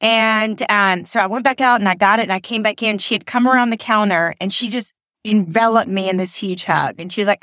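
A woman's voice: medium pitch, fairly quick, fairly bright tone, dry recording. Upbeat woman, dry sound. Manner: upbeat, encouraging storyteller. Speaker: vlogger sharing daily stories. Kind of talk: casual chat to camera.

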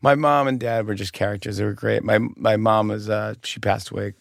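A man telling family stories in a casual chat, animated and acting out voices of people he quotes. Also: brisk, gravelly, no echo, clean studio sound. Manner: animated, acts out his mother in a high voice.

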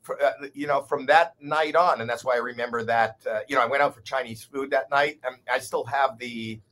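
A man in his sixties, a guest comedian telling a story in casual chat, animated, swearing and poking fun at himself. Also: medium pitch, brisk. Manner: animated, profane, self-deprecating.

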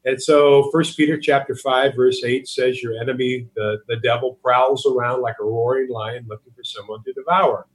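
A man's voice: medium pitch, fairly even intonation, moderate pace, few pauses, poor audio. A man, a guest author, earnestly telling a story and teaching in a podcast interview, with a preacher's cadence, often repeating words as he starts sentences.

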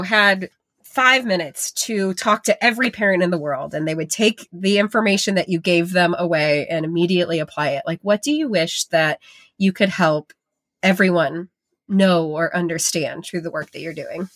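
A woman's voice: lowish voice, moderate pace, dry recording. A woman hosting a parenting podcast, chatting casually and affirming her guests, often saying "like". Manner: warm, affirming, casual filler "like". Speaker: podcast host. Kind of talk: casual interview chat.

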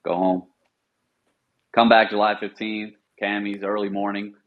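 A man's voice: unhurried, phone-quality sound. A middle-aged man, a former Marine, telling service stories in a casual interview and acting out the officers he quotes. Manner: animated storyteller, acts out quoted officers in a higher voice. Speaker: podcast guest, former Marine sniper.

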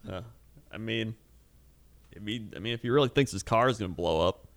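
A man's voice: on the low side, brisk, fairly bright tone, no room sound. A young man chatting casually on a podcast, laughing often and playfully arguing the other side. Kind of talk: casual chat.

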